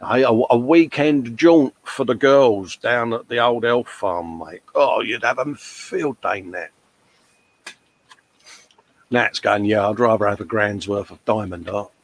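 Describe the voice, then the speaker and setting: A man's voice: fairly low pitch, a little slow. A British man with an English accent, hosting a casual livestream chat, reading out viewer comments and calling people mate. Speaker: livestream host.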